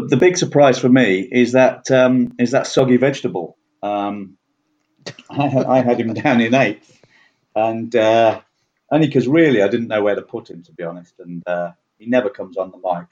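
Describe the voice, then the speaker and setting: A man with a fairly low voice rambles through a casual chat, self-deprecating and full of fillers. The audio is dull and lo-fi. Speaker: league player reviewing standings.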